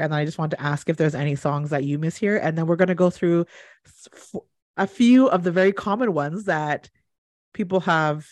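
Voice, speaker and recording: Lower-voiced woman hosting a podcast. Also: dry recording, clean studio sound. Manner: teasing, joking. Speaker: podcast host. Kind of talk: casual chat.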